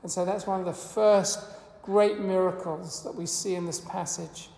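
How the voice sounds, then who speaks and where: A pastor delivers a sermon in an earnest, storytelling way, pausing between phrases. The voice sits at a middle pitch. It rings out in a church hall with a long reverb. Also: steady tone, gravelly, mellow.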